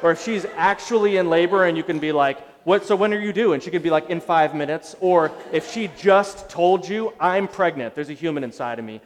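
A middle-aged male pastor delivers a sermon in an animated, self-deprecating storytelling manner. His voice sits a little high for a man, and a long reverb from a large church hall trails behind each phrase. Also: a little fast, few pauses.

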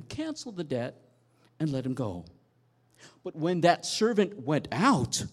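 A man preaching a sermon, telling a Bible story with animated storytelling and dramatic swings in loudness. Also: fairly high pitch. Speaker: pastor.

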